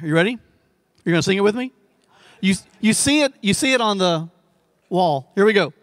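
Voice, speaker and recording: A man leading a congregation in song, coaxing and unhurried between the sung lines. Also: sits high, expressive, dry recording, studio quality. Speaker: song leader. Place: church sanctuary.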